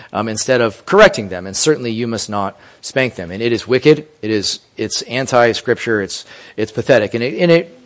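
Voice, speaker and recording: Give me a pastor preaching an emphatic sermon in an ordinary mid-range voice. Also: male voice, mid-range voice. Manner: earnest, emphatic preaching with scripture quotes.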